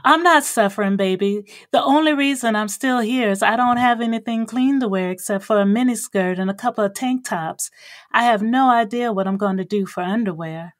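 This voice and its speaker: A woman's voice: a little high, brisk, no room sound, studio quality, close to an everyday voice. A woman putting on a sweet teasing Texas drawl. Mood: teasing, flirty. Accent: Southern US (Texas).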